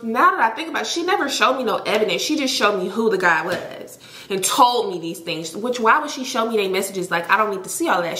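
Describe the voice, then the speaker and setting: A young woman telling a story to her viewers in a chatty, animated way, full of filler words. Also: on the high side. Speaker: storytime vlogger. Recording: echoey room.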